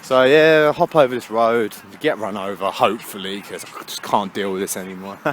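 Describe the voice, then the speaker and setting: A man's voice: fairly low pitch, moderate pace. A young man talks into a handheld camera while walking through town. His chat is loose and slangy, full of swearing and laughter. Faint street and traffic noise sits behind him. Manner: chatty, swears a lot, laughs often, slangy. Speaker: vlogger. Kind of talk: casual walking vlog. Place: outdoors on busy town streets.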